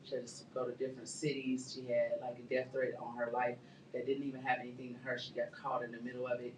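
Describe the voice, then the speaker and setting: A woman's voice: rumbling low, monotone, fast talker, a little hiss or hum. Woman talk-show host, casual and rambling; echoey studio, distant mic. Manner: chatty, rambling questions.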